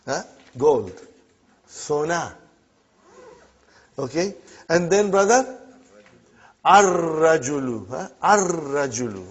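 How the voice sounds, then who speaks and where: Slow husky male teacher drilling students. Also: fairly high pitch. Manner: drills words, checks in with students with "huh?" and "are you with me?". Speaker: Arabic teacher. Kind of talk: classroom language lesson. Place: classroom. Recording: muffled lo-fi classroom recording.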